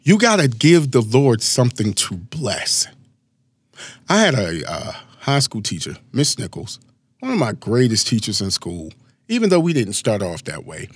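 A man in his forties gives a casual motivational talk with an animated, storytelling delivery. His pitch swoops and climbs constantly as he wanders into asides. The recording is close and dry, with no room sound. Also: moderate pace, no room sound. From Maryland, USA. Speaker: motivational speaker.

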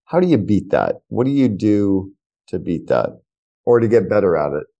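A man's voice: lowish voice, sing-song, moderate pace, warm tone, lo-fi sound. A man hosting an interview podcast, casual and blunt, swearing freely as he asks questions. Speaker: podcast host. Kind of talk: conversational interview.

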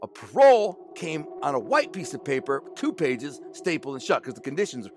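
A man's voice: a little high, sing-song, normal speed, faint music behind. A man in his forties telling a candid personal story in casual, slangy speech, quoting the people involved. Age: 40s. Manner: casual, slangy, emotional retelling with quoted dialogue.

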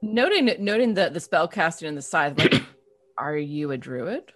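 A woman's voice: sits low, big pitch swings, normal speed. A woman playing in a tabletop game, speaking in a dry, matter-of-fact way. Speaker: player.

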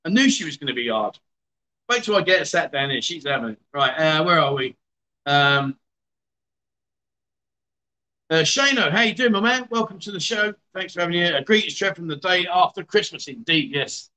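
A man's voice: fairly high pitch, lively intonation, a little fast, bright, forceful tone, rough recording. A man hosting a casual livestream, hungover, greeting viewers by name in a chatty, self-mocking way. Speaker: livestream host.

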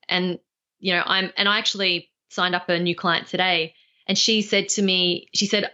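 A woman's voice: fairly low pitch, flat delivery, pushed and bright. A woman speaking trainer, a guest on a podcast, talking confidently and emphatically in a casual interview. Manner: confident, emphatic, quick to laugh. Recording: dull, lo-fi sound.

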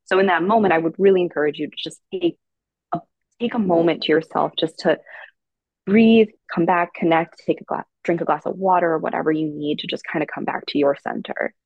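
Woman, parenting coach, low voice, dry close podcast recording, patient and explanatory. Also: fairly quick, dry recording, highs cut off. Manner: calm, explanatory, uses many fillers. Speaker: parenting educator guest. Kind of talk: casual advice chat.

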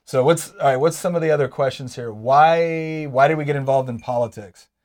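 A man in his forties chats through personal stories with an easy, self-deprecating humor. He laughs as he goes. His voice sits at an ordinary middle pitch. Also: fairly quick, a little mellow. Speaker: co-host telling his story. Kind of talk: casual conversational storytelling.

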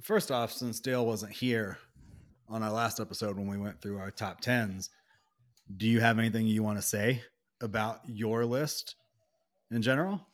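A man's voice: fairly low pitch, normal speed. A man hosting a casual podcast, easygoing as he steers the talk to the next topic. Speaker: podcast host. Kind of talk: casual chat.

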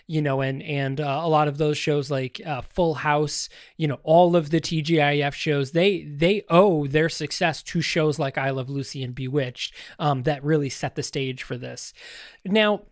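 A man hosts a podcast, chatting loosely with plenty of fillers and restarts, now and then cracking jokes aimed right at the listener. His voice sits a bit high for a man. The sound is close and dry, with no room echo. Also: fairly even intonation, measured pace. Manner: rambling, many fillers and restarts; addresses listeners directly, joking. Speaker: podcast host. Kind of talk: casual commentary on a TV series.

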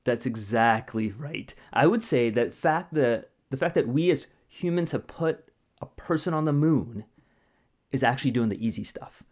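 A man's voice: mid-range voice, normal speed. A man, a mathematician, explaining ideas conversationally with analogies, often checking in with a rhetorical "right?". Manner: animated, asks rhetorical questions and tags "right?". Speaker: mathematician guest.

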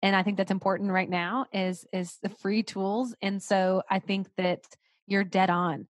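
A woman's voice: mid-range voice, little pitch movement, a little slow, no room sound. Earnest encouraging woman, dry sound. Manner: earnest, encouraging, repeats phrases for emphasis. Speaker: podcast guest. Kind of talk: casual conversation.

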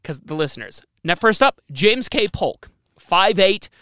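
Bright, crisp-voiced joking young man. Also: high-pitched, sing-song, unhurried, no room sound, studio quality. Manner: joking, teasing, rambling. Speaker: podcast co-host. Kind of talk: casual comedic podcast banter.

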